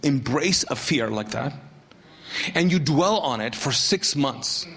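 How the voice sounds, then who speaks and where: Man, middle-aged pastor, animated sermon storytelling, sharp tone, long church reverb. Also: medium pitch, slow pace, gravelly, husky. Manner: animated storytelling with asides and acted quotes.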